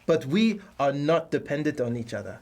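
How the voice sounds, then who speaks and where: A man's voice: a little high, sing-song, normal speed, darkish tone. A man in a tabletop role-play speaking in character, stiff and formal with a cool, detached manner. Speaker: player.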